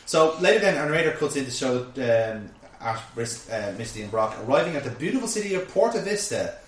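A man's voice: medium pitch, sing-song, fast talker, far from the mic, slight background noise. A man hosting a podcast, recapping an episode in casual chat, rambling with lots of fillers and restarts. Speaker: podcast host. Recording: echoey room, set back from mic.

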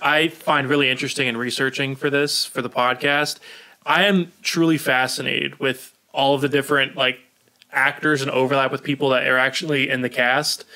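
Gravelly, bright young male co-host. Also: mid-range voice, little pitch movement, moderate pace, rough recording. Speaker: podcast co-host. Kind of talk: casual podcast chat.

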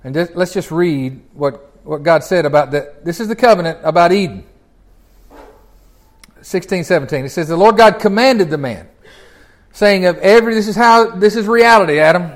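A man's voice: high voice, expressive, normal speed. A man teaching a Bible class in a folksy, conversational way, often chuckling and restarting his phrases.

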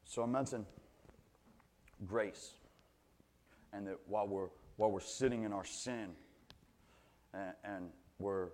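A man preaching a sermon in an earnest way, often repeating words as he restarts phrases and slowing right down to stress key points. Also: lowish voice, darkish tone.

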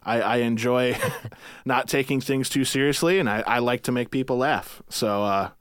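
A man's voice: medium pitch, moderate pace, clean tone, no room sound, clean studio sound. A man chatting casually as a podcast guest, loose and joking, laughing often and slipping into impression voices.

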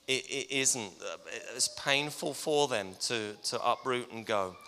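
A man's voice: medium pitch, measured pace, slight background noise. A middle-aged man, a pastor giving a teasing, conversational farewell tribute in a church. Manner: warm-hearted, teasing, conversational preaching. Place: church hall, indoors. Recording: long reverb in a church hall.

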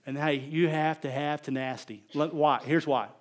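High-voiced pastor preaching animatedly. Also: male voice, normal speed. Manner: animated storytelling, swings from loud emphasis to quiet asides. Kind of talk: conversational sermon.

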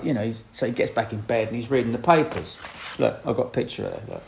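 A man, a photographer, telling a rambling, animated anecdote with frequent laughs. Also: mid-range voice, fast talker, gravelly, a little hiss or hum. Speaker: photographer guest. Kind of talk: anecdote in casual chat.

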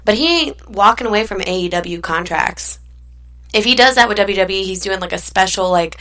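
A woman's voice: mid-range voice, a little fast, a bit bright. A woman co-hosting a casual podcast, arguing her side firmly. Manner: argumentative, stands her ground. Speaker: podcast co-host. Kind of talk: casual wrestling chat.

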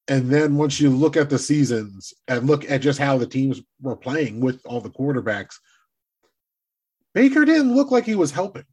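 A man's voice: medium pitch, moderate pace, husky. A man co-hosting a casual sports podcast who teases his co-host and swears casually. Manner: teasing, lively, swears casually.

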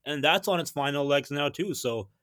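A man's voice: on the high side, moderate pace, fairly bright tone, dry recording, studio quality. A young man hosting a podcast, chatting enthusiastically and speaking directly to his listeners. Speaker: podcast host. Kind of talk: casual chat.

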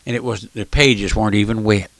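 A man's voice: fairly low pitch, fairly even intonation, fairly quick, no room sound. An older man preaching an earnest, emphatic radio sermon in a folksy, repetitive way.

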